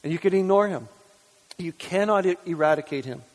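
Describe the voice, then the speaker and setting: Emphatic high-voiced pastor in a reverberant hall. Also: male voice, fairly quick. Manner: earnest, emphatic, repeats words when stressing a point. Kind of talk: sermon with scripture reading.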